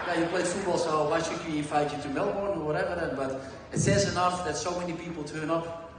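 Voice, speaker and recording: A Dutch man, speaking English as a second language, telling lively dressing-room stories with plenty of swearing at a live Q and A. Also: a little high, normal speed. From Netherlands. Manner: lively anecdotal, swears, acts out dialogue. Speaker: guest. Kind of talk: live Q and A storytelling. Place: large hall before an audience. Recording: echoey hall from far off, crowd noise.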